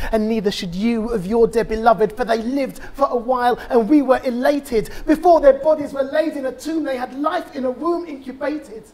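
A bereaved father with a very high voice gives a conference talk, reciting a spoken-word poem with rhythmic, impassioned delivery and dramatic pauses.

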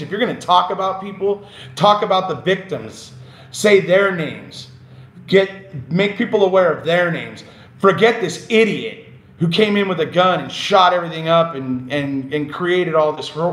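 A man hosts a casual live stream from home, his voice pitched a little high and ringing in a roomy, echoey space. He laughs easily between comments and builds up into passionate rants. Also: fairly bright tone. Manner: passionate, ranting, laughs often. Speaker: livestream host. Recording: roomy echo.

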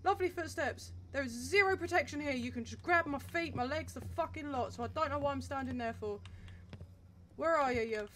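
Young woman, streamer, higher voice, nervy and foul-mouthed commentary, faint hiss behind. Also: fairly quick, a bit bright. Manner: jumpy, nervous running commentary, heavy swearing. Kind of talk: horror game let's-play commentary.

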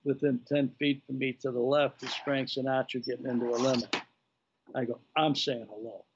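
A man in his sixties telling an animated story on a remote interview, acting out the dialogue of the people in it. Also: mid-range voice, brisk, background noise. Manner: animated anecdote-teller, acting out quoted dialogue. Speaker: guest, former baseball executive. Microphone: video call. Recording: lo-fi video call audio.

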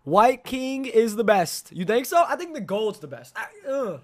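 High-voiced excitable young male streamer. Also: normal speed. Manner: excitable, greets chat by name, slangy. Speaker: game streamer. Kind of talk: live gameplay commentary.

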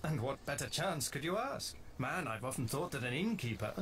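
An actor playing a worldly male adventurer on the run, speaking in a measured, gently persuasive way. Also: mid-range voice, music in the background, close to an everyday voice. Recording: steady background noise.

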